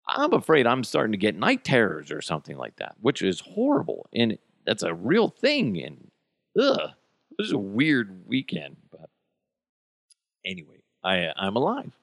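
Brief: American male host, middle-aged, lively swearing rants, dry close sound. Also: lowish voice, no echo. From United States. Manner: profane, joking, ranting. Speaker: podcast host. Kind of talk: casual solo podcast rant.

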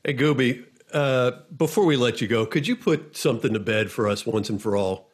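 A man's voice: mid-range voice, normal speed. A man hosting a podcast interview in a jovial, teasing manner. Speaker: podcast host. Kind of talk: casual interview chat.

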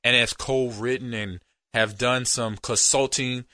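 A man co-hosting a podcast in easygoing, rambling casual chat that often drops to a low murmur. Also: fairly even intonation, measured pace, bright, forceful tone, no echo, clean studio sound. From United States. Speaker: podcast co-host.

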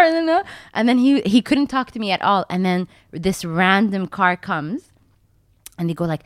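A young woman casually telling a long personal story, acting out her own remarks in a much higher voice. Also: brisk, no echo. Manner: animated, acts out her own lines in a high voice.

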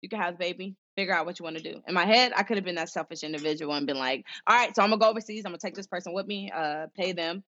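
A woman's voice: lowish voice, racing, hardly any pauses, fairly bright tone. A young woman from Southern California, a former pro basketball player, telling her story in a casual interview, acting out quoted voices between many fillers. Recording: dull lo-fi sound.

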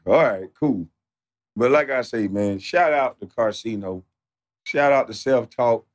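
A man streaming live, ranting off the cuff in a profane, mocking, animated way that sometimes turns to shouting. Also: medium pitch, a little slow. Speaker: livestreamer. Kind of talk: off-the-cuff livestream rant.

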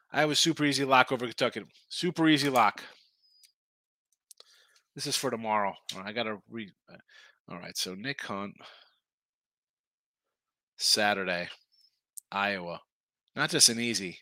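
A man's voice: medium pitch, sharp tone, no echo. A man hosting a sports betting show, rambling in casual talk and often repeating himself.

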